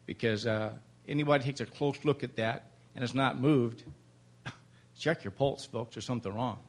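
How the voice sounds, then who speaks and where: A man's voice: medium pitch, moderate pace. Emotional plainspoken older man. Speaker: public commenter at city council. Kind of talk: public comment speech.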